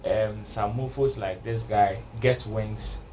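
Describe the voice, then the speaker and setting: A man's voice: lowish voice, steady tone, slow pace, a little mellow, slight background noise. A man, a co-host, giving his opinion hesitantly and repeating phrases as he thinks. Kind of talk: opinion discussion.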